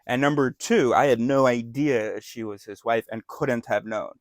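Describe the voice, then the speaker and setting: A man voicing a flustered ancient king who rushes to protest his innocence in an exasperated, excited way. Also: mid-range voice, no room sound, clean studio sound, natural voice.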